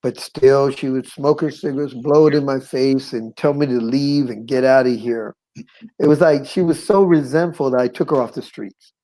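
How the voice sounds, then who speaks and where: Animated middle-aged man telling his story. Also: mid-range voice, moderate pace, rough recording. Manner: animated, acts out quoted voices, chuckles often; conversational with frequent "you know what I'm saying". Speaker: guest sharing his life story. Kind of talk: personal testimony, storytelling.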